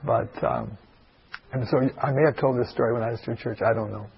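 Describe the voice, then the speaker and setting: A male pastor with a gravelly, slightly husky voice, spinning a folksy story for an audience. He wanders off into asides and circles back again. The recording is dull and lo-fi. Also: mid-range voice, fairly quick. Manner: rambling, digressive, full of asides.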